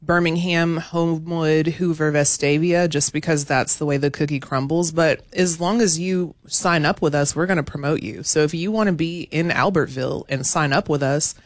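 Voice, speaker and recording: A woman's voice: low-pitched, steady tone, moderate pace, hardly any pauses, dry recording. Matter-of-fact woman guest explaining. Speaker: guest, event organizer. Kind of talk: radio interview. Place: radio studio.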